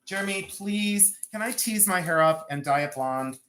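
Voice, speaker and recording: Excitable man hosting a live sale. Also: sits high, moderate pace. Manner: chatty, excitable, self-mocking banter. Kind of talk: live-stream selling chat.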